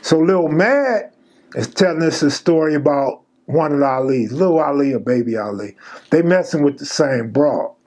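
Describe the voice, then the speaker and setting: A man's voice: on the high side, animated, normal speed, darkish tone. A man hosting his own channel, telling a true story in a casual, laid-back, slangy street style.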